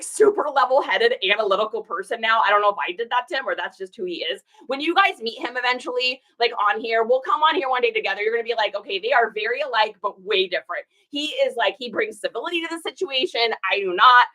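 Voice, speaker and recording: A woman chats through a casual live stream as she packs and ships orders. She tells stories and reads viewer comments aloud in a folksy way, saying y'all. Her voice sits a little high and sounds bright and forceful. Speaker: reseller hosting a live shipping stream.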